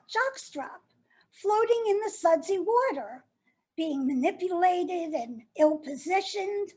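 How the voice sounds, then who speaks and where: An actress performs a stage monologue as a jilted woman addressing her former lover, growing bitter and sardonic. Her voice is very high with a darkish tone and heavily acted.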